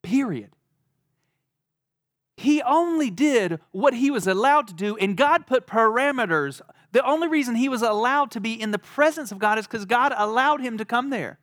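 A man's voice: very high voice, lively intonation, moderate pace, few pauses, fairly bright tone, no room sound, clean studio sound. A man teaching a Bible lesson in a casual, conversational way, laughing now and then and using lots of "like.". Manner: conversational, laughing, many "like" fillers.

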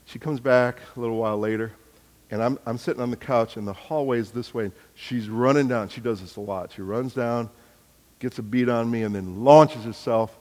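A man's voice: medium pitch, normal speed, a little mellow, in a large hall. A middle-aged man preaching a sermon, telling family stories with acted-out dialogue and building to emphatic points. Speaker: pastor.

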